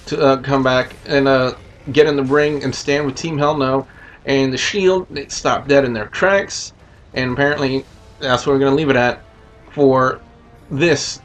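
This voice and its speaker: A man's voice: medium pitch, fairly bright tone. Man giving a rambling wrestling review. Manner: rambling, with frequent "uh" and "you know". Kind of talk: casual spoken review with scores.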